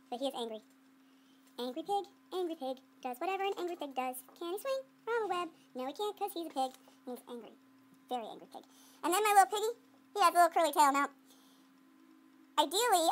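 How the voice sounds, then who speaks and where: A woman art teacher talking through a clay demonstration in a playful, chatty way, thinking aloud as she works and quizzing students. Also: high voice. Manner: playful, talks to herself while working; call-and-response with students. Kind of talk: classroom demonstration.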